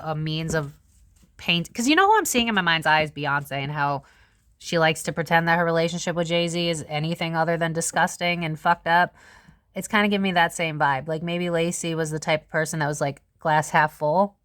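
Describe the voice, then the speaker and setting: A young woman talks through a tarot spread to her viewers in a loose, chatty way, cursing casually as she goes. Her voice sits a little low for a woman. The sound is dry and close, with no room echo. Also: fairly quick. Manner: chatty, swears freely, animated. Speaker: tarot reader host. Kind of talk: casual tarot reading to camera.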